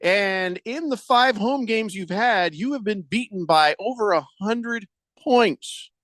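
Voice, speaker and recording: Here the sports radio host's voice sits high and moves slowly, recorded with no room sound. Between casual chatter and listener texts, he vents in exasperated, animated rants, imitating others in mocking voices.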